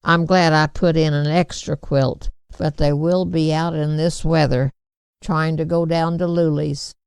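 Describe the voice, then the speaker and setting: A woman reading aloud voices a gentle, worried farm mother in a storybook. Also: sits low, level tone, a little slow, creaky, smooth, dry recording. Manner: gentle, soothing.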